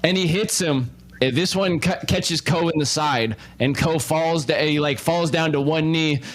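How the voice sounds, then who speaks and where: Halting, rambling game master man. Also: on the high side. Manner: loose, halting narration full of fillers. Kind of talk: narrating a tabletop game.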